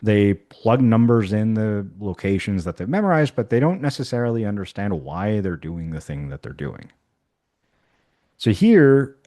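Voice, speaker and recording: A man's voice: on the low side, mellow. A man who teaches math, walking colleagues through an online activity in a casual way, thinking aloud with fillers and restarts. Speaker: math instructor. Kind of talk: workshop software demonstration.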